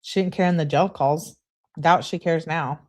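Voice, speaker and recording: Woman, casual true crime commentary, sarcastic asides, slightly low pitch. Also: fairly even intonation, normal speed. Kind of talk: casual commentary reading texts and chat.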